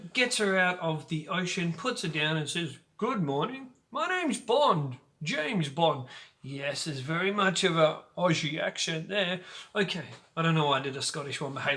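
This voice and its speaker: Bright, high-voiced, jokey man reviewing films. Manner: energetic, jokey, playful. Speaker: host of a film review channel. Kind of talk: casual video film review.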